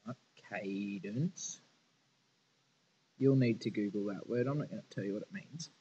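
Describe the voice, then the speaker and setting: A man's voice: fairly low pitch, fast talker, mellow, husky, dull audio. Male teacher, informal lesson delivery, casual and candid with students. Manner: casual, chatty and frank.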